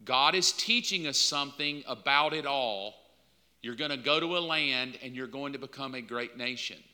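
A man's voice: mid-range voice, normal speed, pushed and bright. A man preaching a sermon as pastor in a conversational style, acting out bits of dialogue. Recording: long hall reverb.

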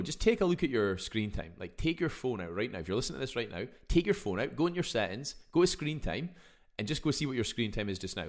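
Fast-talking man, low voice. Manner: chatty, exclaims often, mild swearing. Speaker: podcast host. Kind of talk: casual solo podcast talk.

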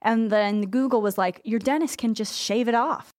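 A woman's voice: fairly high pitch, moderate pace, darkish tone, no room sound, clean studio sound. A woman co-hosting a podcast, telling chatty, upbeat anecdotes in casual conversation. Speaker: podcast co-host. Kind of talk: casual chat.

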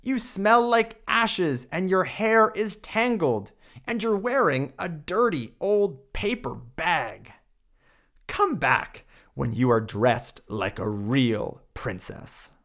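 A vain, fussy young prince from a picture book who looks down his nose at everyone, as a man voices him in a lifted, nasal-free but clearly raised pitch. he sounds disdainful and animated. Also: takes it slowly, heavily acted. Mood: snooty. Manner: snooty and disdainful.

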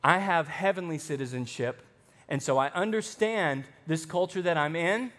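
Male pastor, Arkansas-raised with a faint Southern lilt, high voice, conversational sermon with humor, long reverb in a church. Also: moderate pace, fairly bright tone. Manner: conversational preaching with joking asides.

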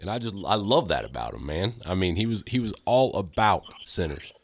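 A man's voice: low-pitched, animated, brisk, slight background noise. A man talking as a guest on a casual faith talk show, easygoing and earnest. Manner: easygoing, earnest, laughs while speaking.

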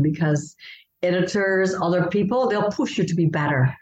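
A woman's voice: fairly low pitch, normal speed, a little mellow. A woman novelist from Canada, telling stories earnestly and expressively as an interview guest. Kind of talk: interview conversation. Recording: roomy, dull lo-fi sound.

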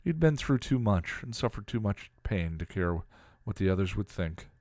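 A man reading a piece of fan fiction aloud in a steady storytelling manner. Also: fairly low pitch, normal speed, dry recording, clean studio sound. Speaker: story reader.

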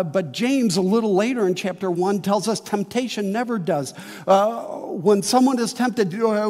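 Male pastor, high-pitched, slow and emphatic sermon delivery, long hall reverb. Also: darkish tone. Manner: earnest, emphatic preaching with slow dramatic pauses.

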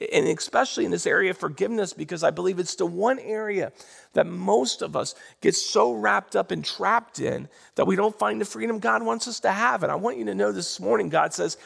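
A man preaching a sermon in church, animated and drawing responses from the congregation. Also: high voice, creaky, husky. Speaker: pastor. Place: church sanctuary.

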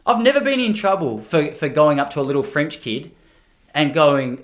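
A man's voice: sits high, sing-song, brisk. Aussie guy rambling to camera, jokey and self-mocking, voice bouncing all over the place. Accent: Australian. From Australia. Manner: rambling, jokey and self-deprecating, full of restarts. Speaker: vlogger. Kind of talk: casual to-camera monologue.

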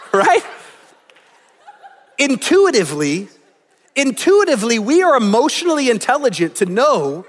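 A man's voice: extremely high pitch, sing-song, moderate pace, in a large hall. A man preaching a sermon in a conversational way, now and then acting out what people say. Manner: conversational, acts out quoted lines. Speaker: pastor.

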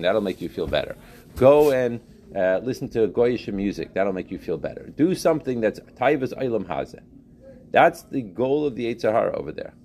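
A man teaching a religious text class, animated, questioning students and repeating phrases as he explains. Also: lowish voice, moderate pace. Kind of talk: interactive class lecture.

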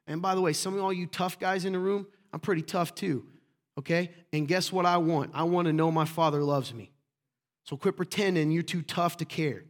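A middle-aged man preaching a sermon as a pastor, passionate and emphatic, often rising into loud bursts. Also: a little high, moderate pace.

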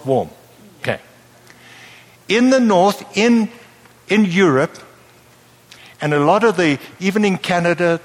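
A man preaches to a live congregation in a lively, playful manner, stopping often to ask the audience whether they understand. His voice sits a little high for a man. The sound carries the long reverb of a large hall. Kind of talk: sermon.

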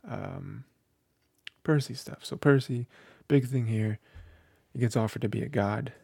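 A man's voice: medium pitch, unhurried, gravelly, darkish tone, husky, dry recording, clean studio sound. A man co-hosting a book podcast, talking casually and rambling with lots of fillers. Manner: rambling, filler-heavy, with many "you know" and "like".

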